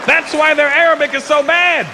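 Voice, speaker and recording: A man doing a stand-up comedy routine on a live stage, animated and slipping into mocking impressions. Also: very high-pitched, moderate pace, crowd noise. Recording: live show with loud audience and noise.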